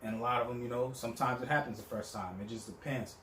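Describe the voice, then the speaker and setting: A man's voice: medium pitch, steady tone, quick pace, fairly bright tone, roomy sound, a little hiss or hum. A young man telling a story in a casual, profane monologue, acting out the people he quotes. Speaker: vlogger.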